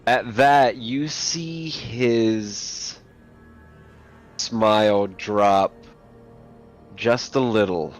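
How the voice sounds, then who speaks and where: A man running a tabletop game as game master, narrating slowly and dramatically and dropping low and quiet for tension. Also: soft background music.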